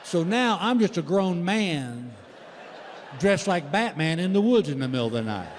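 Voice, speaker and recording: A man's voice: sits high, very animated, moderate pace. A man doing stand-up comedy, telling a folksy story with chuckles, recorded live in a theater. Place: large theater stage. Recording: live theater reverb with audience noise.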